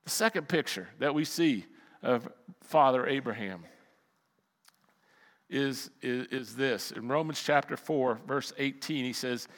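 A middle-aged male pastor preaches a sermon in a large hall, sharing a personal story. His mid-range, unhurried voice swings animatedly between loud outbursts and quiet asides.

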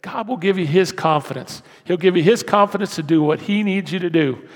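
A man preaching a sermon as pastor, talking conversationally and swinging from hushed asides to loud emphatic lines. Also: high voice, brisk. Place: church sanctuary. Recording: echoey church hall.

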